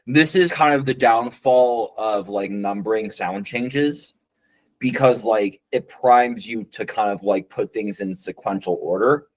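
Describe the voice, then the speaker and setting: A man's voice: lowish voice, low-quality recording. A man co-hosting a casual podcast chat, rambling with stammered repeats and tangents. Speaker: podcast co-host. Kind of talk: casual chat about conlang sound changes.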